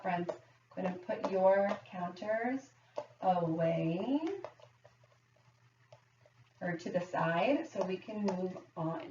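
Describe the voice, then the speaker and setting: A woman teacher slowly counting aloud and guiding young children through a math lesson. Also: medium pitch, a little hiss or hum. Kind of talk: early-grades math lesson. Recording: echoey, distant, dull camera audio with faint ambience.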